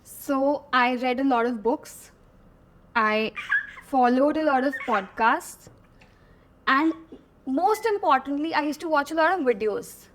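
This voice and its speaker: A woman's voice: sits high, a little slow, long pauses, slight background noise. Stell dir eine junge Frau aus Indien mit hoher, heller Stimme vor. Sie spricht Englisch mit indischem Akzent und erzählt voller Energie als Gast im Interview, lacht oft und mischt Hindi ein. Man hört eine persönliche, lebendige Erzählerin. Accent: Indian English. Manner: animated, laughing often, mixing Hindi and English. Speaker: guest. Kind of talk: storytelling in an interview.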